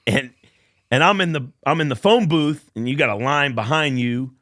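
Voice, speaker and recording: A man's voice: mid-range voice, lively intonation, normal speed, fairly bright tone, dry recording, studio quality. Earnest storytelling man in his fifties. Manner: earnest, emotional storyteller who acts out quotes. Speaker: college baseball coach, guest. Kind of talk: podcast interview storytelling.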